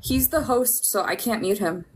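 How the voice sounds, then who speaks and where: A woman's voice: mid-range voice, normal speed, slight background noise, poor audio. Chatty woman co-hosting a live stream. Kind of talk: casual chat.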